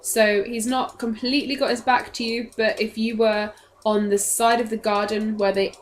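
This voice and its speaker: A woman's voice: fairly high pitch, level tone, normal speed, a little hiss or hum. A woman as game master, narrating scenes in a descriptive, matter-of-fact way.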